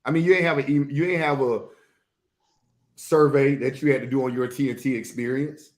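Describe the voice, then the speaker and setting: A man's voice: mid-range voice, steady tone, a little fast. Blunt, teasing podcast host, a man. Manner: blunt, teasing, reads out viewer comments. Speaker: CDL instructor, podcast host. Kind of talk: casual podcast chat.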